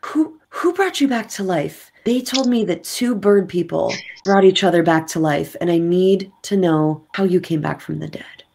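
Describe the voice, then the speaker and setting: A woman's voice: fairly low pitch, moderate pace, creaky, few pauses, darkish tone. A woman voicing a desperate female siren who hisses and pleads, in a tabletop game. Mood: pleading. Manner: hissing, pleading, then accusing. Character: desperate hissing female siren, half in the sea.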